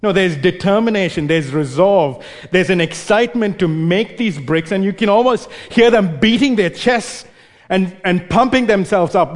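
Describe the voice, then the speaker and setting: A man's voice: high-pitched, moderate pace, long reverb tail. A male preacher giving an expository sermon, explaining and posing rhetorical questions.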